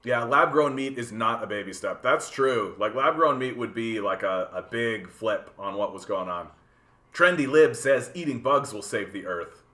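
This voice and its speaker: A man hosting a casual livestream, ranting in an animated, profane way, often repeating words as he thinks and answering chat. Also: mid-range voice, moderate pace, echoey room. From Canada. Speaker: livestream host reading chat.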